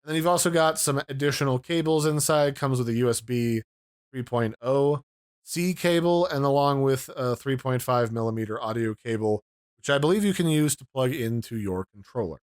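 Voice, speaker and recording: A man's voice: medium pitch, moderate pace, no echo, clean studio sound. Casual man explaining a gadget. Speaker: tech reviewer. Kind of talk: product review and unboxing.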